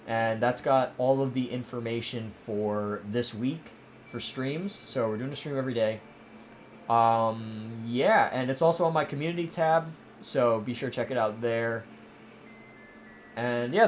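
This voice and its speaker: A young man with a mixed Maryland, Southern and New York-New Jersey accent, casually chatting on a livestream and reading viewer comments. He rambles with lots of restarts and fillers, his voice a little strained. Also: medium pitch. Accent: mix of Maryland, Southern and New York-New Jersey. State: voice starting to strain. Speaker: livestream host.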